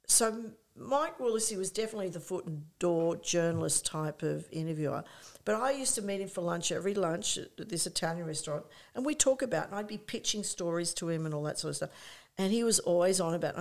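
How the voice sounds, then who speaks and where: An older woman, a guest in an interview who tells lively stories, acts out her own past thoughts and often says "you know". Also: mid-range voice, brisk. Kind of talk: conversational anecdote.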